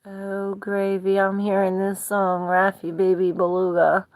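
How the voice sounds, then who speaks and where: A woman's voice: mid-range voice, completely flat delivery, unhurried, no echo. A woman in her forties giving a live tarot reading in a rambling, casual way, greeting viewers as she goes. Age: 40s. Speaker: tarot reader.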